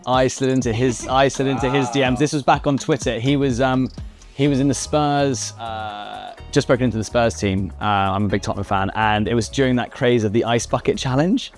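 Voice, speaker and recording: A young man in casual conversation, relaxed and chatty, laughing often as he tells stories. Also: mid-range voice, normal speed, faint music behind. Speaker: interviewer. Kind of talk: casual chat.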